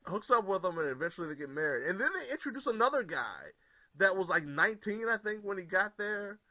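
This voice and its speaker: A man co-hosting a casual podcast from home, excitable and quick to react, often repeating his agreement. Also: sits high, no room sound. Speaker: podcast co-host. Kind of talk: casual chat.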